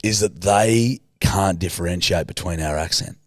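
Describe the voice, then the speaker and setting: An Australian man co-hosting a podcast, talking bluntly and swearing often as he tells animated stories. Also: deep voice, normal speed, no room sound, clean studio sound. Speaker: podcast co-host. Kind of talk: casual podcast chat.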